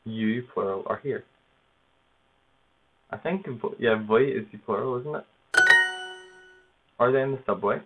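A man casually narrating his own language practice, halting over foreign words and laughing at himself. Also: mid-range voice. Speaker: language learner. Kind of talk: casual self-narrated study session. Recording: tinny phone-like noisy recording.

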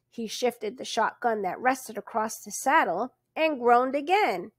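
A woman reading a novel aloud in a slow, expressive storytelling manner. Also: fairly high pitch, no room sound, clean studio sound. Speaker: storybook reader.

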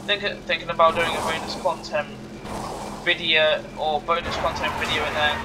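A man narrating his racing game, repeating himself and tripping over words, with an occasional cough. His fairly high voice sounds distant from the mic, with clear noise behind it. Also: little pitch movement, moderate pace. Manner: rambling, stammers and repeats. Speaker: gaming channel host. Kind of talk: let's play commentary.

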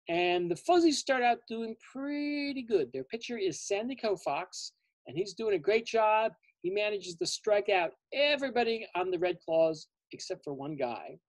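A man, a children's author, telling his story to families at a library, lively and explaining terms simply. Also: high-pitched, no echo. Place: library event.

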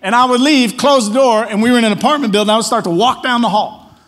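A man's voice: extremely high pitch, fast, fairly bright tone. A man preaching a conversational sermon as pastor in church, telling stories casually and often tagging on questions. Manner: casual storytelling, frequent tag questions.

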